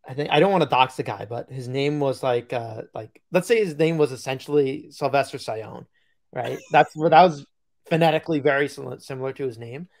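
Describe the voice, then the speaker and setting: A man's voice: mid-range voice, a little fast, creaky, darkish tone. A man co-hosting a podcast, telling a joking story in casual chat with plenty of fillers. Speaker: podcast co-host.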